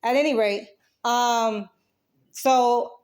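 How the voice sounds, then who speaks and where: A woman's voice: on the high side, fairly even intonation, very slow, a little mellow. A woman giving a rambling, defensive account of a dispute, swearing often and restarting her sentences.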